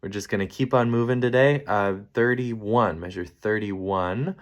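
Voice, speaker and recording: A man's voice: fairly low pitch, unhurried, hardly any pauses. Man counting in a choir rehearsal. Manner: counting beats and calling cues. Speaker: choir director. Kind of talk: rehearsal instruction over piano. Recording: loud piano accompaniment behind the voice.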